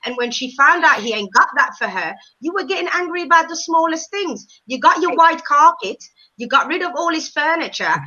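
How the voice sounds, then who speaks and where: A woman with a high, bright voice gossips bluntly on a casual panel. She stresses her points hard. The audio is dull and lo-fi. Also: expressive, fairly quick. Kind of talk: casual panel chat about a reality show.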